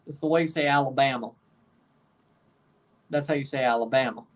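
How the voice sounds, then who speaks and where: A man's voice: medium pitch, brisk, far from the mic. A man with a Southern US accent hosting a live match watchalong, chatting with viewers and calling out the minutes. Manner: chatty, responding to chat, calls out match minutes. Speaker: livestream host reacting to a soccer match. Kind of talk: casual live watchalong chat.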